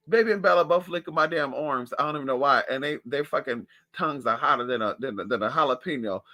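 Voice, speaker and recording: A man talking in a sassy, profane, animated way in a casual gossip monologue at home. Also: mid-range voice, a little fast. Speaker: vlogger.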